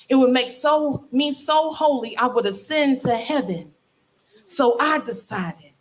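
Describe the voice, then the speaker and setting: A woman in her forties performing spoken word poetry live into a stage microphone, with emphatic, measured phrasing and long dramatic pauses. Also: high-pitched, a bit bright. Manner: mock-solemn, comic exaggeration.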